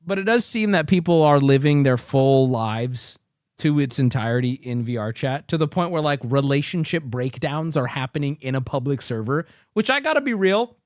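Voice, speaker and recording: A man's voice: mid-range voice, animated, moderate pace, no room sound, clean studio sound. A male streamer doing profane reaction commentary, ranting in disbelief. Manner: incredulous ranting, swings up loud.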